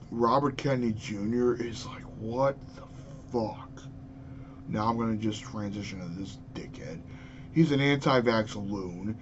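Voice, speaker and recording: A man's voice: lowish voice, dull audio, a little hiss or hum. A man in his twenties ranting angrily and profanely about politics into his webcam. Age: 20s. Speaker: vlogger. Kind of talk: political rant.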